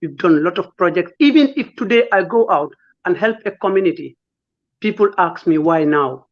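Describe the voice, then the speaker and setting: A man's voice: high voice, expressive, normal speed. Impassioned man, dull lo-fi sound. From Gambia. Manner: emotional, pleading, rhetorical questions. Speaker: lawyer and political guest. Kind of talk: impassioned interview talk.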